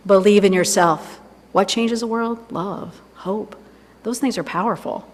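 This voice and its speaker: A woman's voice: mid-range voice, fairly quick, a little mellow. A woman minister giving an informal, chatty sermon full of asides to herself. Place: church sanctuary. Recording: long reverb of a church hall.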